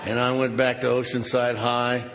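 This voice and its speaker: An older man speaking at a recovery conference, telling a wry story that swings from loud outbursts to hushed asides. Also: mid-range voice, monotone, normal speed. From Southern California. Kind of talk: recovery meeting talk with humor. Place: large conference hall. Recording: reverberant hall, noisy live recording.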